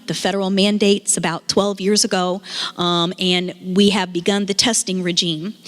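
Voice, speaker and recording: A woman's voice: mid-range voice, fairly bright tone. Earnest woman speaking in an echoing hall. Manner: earnest, repeats phrases for emphasis. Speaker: state education official speaking at a meeting. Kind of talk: public speech. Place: meeting hall. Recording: reverberant meeting hall.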